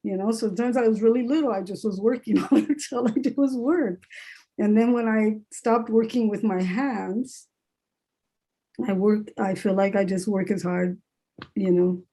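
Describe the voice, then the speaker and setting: Middle-aged woman on a video call, warm low-key tone, candid, halting, drops in some spanish. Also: fairly even intonation, poor audio. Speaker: English professor and author, panel guest. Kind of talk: casual reflective discussion.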